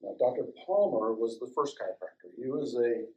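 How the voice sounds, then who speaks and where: An older man from Colorado, a chiropractor, telling a personal story to a small audience, acting out the dialogue and dropping to a hush at tender moments. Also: mid-range voice, lively intonation, fairly quick, rough recording. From Colorado, United States. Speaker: chiropractor and guest speaker.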